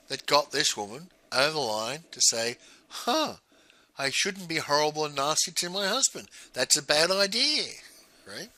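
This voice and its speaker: A man's voice: mid-range voice, pushed and bright, dry recording, rough recording. A middle-aged man, a business coach giving a blunt recorded teaching monologue and ending his points with "right?".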